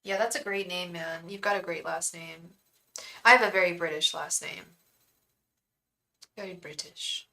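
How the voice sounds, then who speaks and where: A woman's voice: on the low side, steady tone, moderate pace, creaky, pushed and bright, poor audio. A young woman hosting a live tarot reading, chatting effusively with viewers and thanking them by name.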